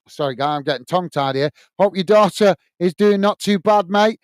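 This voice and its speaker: Male watch-along host, high clean voice, dry close mic, easygoing match chat. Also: fairly quick, hardly any pauses, no echo. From United Kingdom. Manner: friendly, reads out viewer messages, frequent "mate" and "uh" fillers; excited goal call. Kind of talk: live football watch-along commentary and chat.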